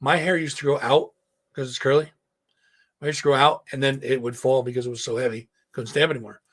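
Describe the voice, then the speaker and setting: A man hosting a casual live stream, hoarse, telling a rambling, profane story and breaking off to talk to his chat. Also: medium pitch, flat delivery, fast talker, fairly bright tone. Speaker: host.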